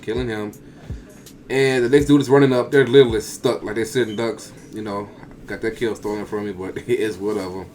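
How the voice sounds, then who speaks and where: A man giving a casual, rambling voice-over that talks through his own gameplay clips play by play, with slang. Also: on the low side. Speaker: gaming video creator.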